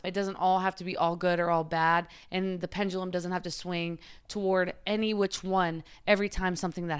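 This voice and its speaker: A woman's voice: on the low side, clean tone. A woman vlogger giving casual, candid advice in a chatty way, often saying "like". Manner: chatty, frequent filler "like"; open and confiding.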